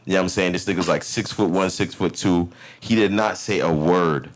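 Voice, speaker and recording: A man's voice: low-pitched, steady tone, a little fast. A man in his thirties from Brooklyn with a New York accent, telling a story in a loose, profane, slang-heavy way as a podcast host. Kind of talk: casual storytelling.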